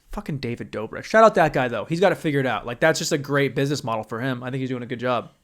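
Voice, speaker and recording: A young man hosting a podcast alone, delivering a profane, animated comedic rant and acting out other people's voices. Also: mid-range voice, fast. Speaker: podcast host.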